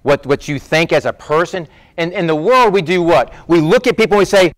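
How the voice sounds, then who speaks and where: A man's voice: fairly high pitch, brisk, hardly any pauses, no room sound. A middle-aged man preaching a conversational sermon, acting out the voices of people in his stories. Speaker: pastor.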